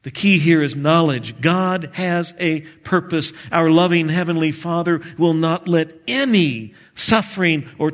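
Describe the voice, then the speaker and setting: Slow, earnest male preacher. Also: fairly high pitch. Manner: measured, earnest preaching with light humor. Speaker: pastor. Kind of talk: sermon.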